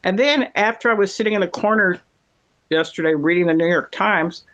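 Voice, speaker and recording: A man's voice: high-pitched, brisk, fairly bright tone, muffled recording. A man from Texas, telling rambling stories in casual chat with dry, sarcastic asides.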